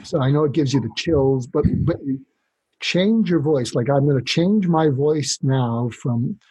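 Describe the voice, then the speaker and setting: A man speaking as a doctor guest on a podcast interview, explaining calmly and acting out short exchanges to demonstrate. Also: mid-range voice, measured pace, breathy edge, rough recording. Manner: calm, explanatory, demonstrates dialogue.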